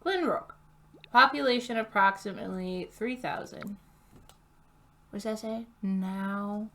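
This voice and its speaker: Speaking in a mid-range, somewhat bright voice, a woman reads a game's text out loud during a casual stream. She's giggly, goes slowly, and fumbles unfamiliar names.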